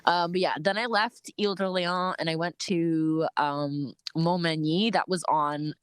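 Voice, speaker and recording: A young woman casually telling a story about her bike trip, animated, laughing often and filling her talk with "like". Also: lowish voice, unhurried, clear, resonant tone, no room sound.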